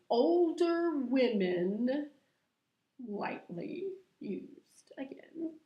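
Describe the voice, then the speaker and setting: Lady vlogging from home, slow and unhurried, lots of room echo. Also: a little high, mellow. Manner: chatty and confessional, laughs often. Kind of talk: casual vlog chat to camera. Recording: echoey room.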